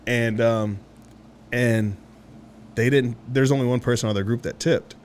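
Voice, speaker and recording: A man co-hosting a podcast in casual chat, an animated storyteller who swears freely and acts out the voices of people he quotes. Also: mid-range voice, a little slow, a little hiss or hum. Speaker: podcast co-host.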